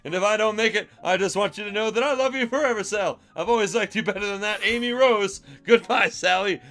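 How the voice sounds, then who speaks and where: A man's voice: high-pitched, brisk, soft background music. Man doing Sonic, a hyper hedgehog. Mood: earnest. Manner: frantic, shouting. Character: hyper cocky young male hedgehog hero.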